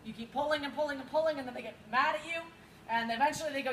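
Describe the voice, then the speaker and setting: A woman instructor with a slightly high voice runs a dog agility class, explaining drills to students. She coaches in a practical way and breaks into quick cues for her dog. The recording is echoey, with loud background noise. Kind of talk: outdoor training class instruction.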